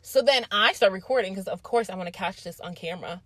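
A young adult woman telling a casual, animated storytime, swearing freely and using lots of fillers. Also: medium pitch, fast, no echo. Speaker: vlogger.

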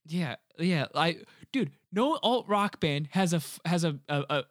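Animated young man, fairly high voice. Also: dry recording, studio quality. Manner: animated, swears freely, quick jokey asides. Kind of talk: casual chat about a movie.

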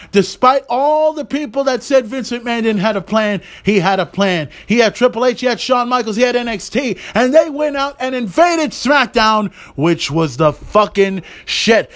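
A man hosting a solo podcast in an excited recap style, swearing freely and shouting on big moments. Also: high voice. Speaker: podcast host.

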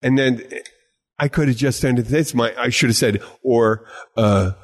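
A man's voice: mid-range voice, fairly even intonation, moderate pace. A man hosting a podcast in casual chat, rambling and emphatic, with lots of restarts and swearing. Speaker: podcast host.

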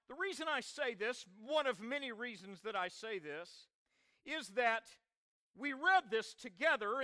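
High bright-voiced man preaching a sermon. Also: smooth, no echo, clean studio sound. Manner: dramatic preacher, swings from soft to loud. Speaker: pastor.

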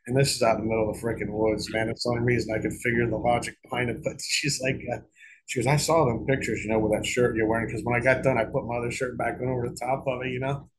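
A man's voice: medium pitch, flat delivery, fast talker, slight background noise, low-quality recording. A middle-aged man telling a long story in a casual interview, rambling and profane, with frequent restarts and repeated words. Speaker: guest author.

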